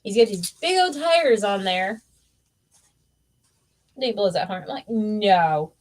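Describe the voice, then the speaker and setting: A woman's voice: medium pitch, expressive, slow pace. Chatty teasing woman crafting on a livestream. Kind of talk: casual chat while crafting.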